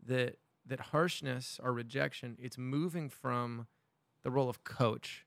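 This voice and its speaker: A man's voice: mid-range voice, fairly even intonation, slow pace, vocal fry, no room sound. A man hosting a casual conversation, asking probing questions with a wry touch.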